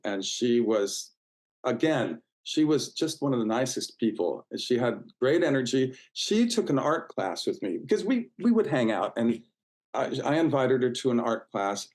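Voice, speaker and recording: A man's voice: medium pitch, low-quality recording. Chatty man telling old stories. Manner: warm, chatty, full of fillers and restarts, acts out quoted voices. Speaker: interview guest. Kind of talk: casual storytelling interview.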